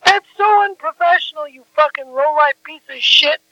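Man, very high voice, sharp tone, furious profane rant, stammering, phone call. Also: normal speed, no echo.

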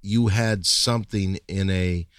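A male host asking questions in a deadpan, mock-serious way. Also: deep voice, a little slow, no echo, clean studio sound.

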